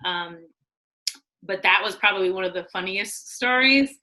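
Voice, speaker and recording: A middle-aged woman, a former studio executive, telling lively stories in casual conversation, acting out what people said and laughing often. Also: medium pitch, normal speed, low-quality recording. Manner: animated, acts out quotes, laughs often. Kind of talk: casual storytelling.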